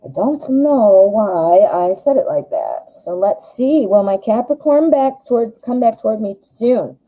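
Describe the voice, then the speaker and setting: Dark-voiced woman reading tarot live. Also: medium pitch, lively intonation, measured pace, low-quality recording. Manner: chatty, reassuring, thinks aloud with fillers. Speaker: tarot reader.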